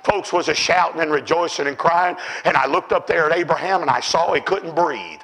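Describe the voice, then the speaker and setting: A man preaching a sermon, telling stories with fervour and often shouting. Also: fairly high pitch, brisk, vocal fry, rough recording. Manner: fervent storytelling, often shouting.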